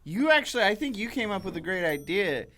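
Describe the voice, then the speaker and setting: Lively-voiced tired producer chiming in. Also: medium pitch, brisk. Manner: tired, wry remarks. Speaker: show producer. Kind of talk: casual livestream banter.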